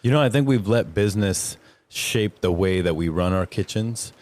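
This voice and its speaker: Low-voiced man chatting casually. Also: normal speed. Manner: relaxed, profane, acts out quotes. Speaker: guest chef. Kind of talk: casual chat.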